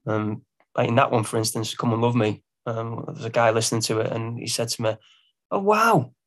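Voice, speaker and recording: A man's voice: medium pitch, completely flat delivery, quick pace. A man with an English accent, a singer-songwriter guest on a podcast, who talks hesitantly with lots of ums and laughs at himself. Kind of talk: casual podcast interview.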